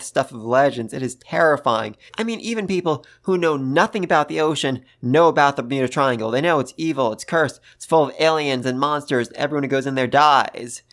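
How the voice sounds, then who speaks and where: A host giving a casual, gushing review of a manga chapter, talking excitedly and repeating phrases for emphasis. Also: mid-range voice. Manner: gushing, excitable, gasps and laughs. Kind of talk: casual commentary.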